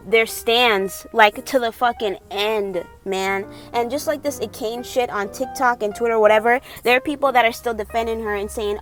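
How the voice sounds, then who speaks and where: A woman's voice: on the high side, fairly bright tone. A woman makeup vlogger venting as she gets ready, ranting heatedly and swearing freely. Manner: mocks others in sing-song voices. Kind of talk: venting while doing makeup. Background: faint background music.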